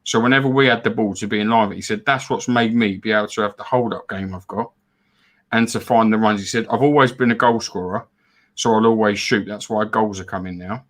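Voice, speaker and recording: A man's voice: lowish voice, fairly even intonation, brisk, fairly bright tone. A man talks loosely on a fan live stream, repeating words as he goes. He chats about the game and reads out donors' names. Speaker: fan show co-host. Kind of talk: casual football fan chat.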